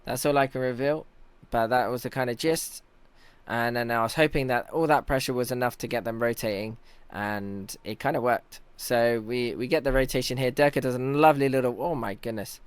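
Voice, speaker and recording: Young male team captain reviewing match footage in a loose, analytical chat. He sits at a middling pitch and sounds close and dry, with no room around him. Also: a little fast, smooth, no room sound. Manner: chatty, analytical, self-teasing. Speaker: team captain and in-game leader. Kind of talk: casual commentary over match footage.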